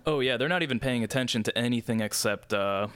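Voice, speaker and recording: A man's voice: mid-range voice, quick pace, a bit bright, smooth, no room sound. A young man running a tabletop game as dungeon master, explaining rules casually with plenty of fillers.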